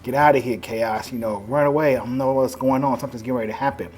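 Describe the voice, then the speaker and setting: A man's voice: mid-range voice, steady tone, fast, a little mellow, lightly acted. A man voicing a frightened teenage boy werewolf who pleads urgently. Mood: pleading.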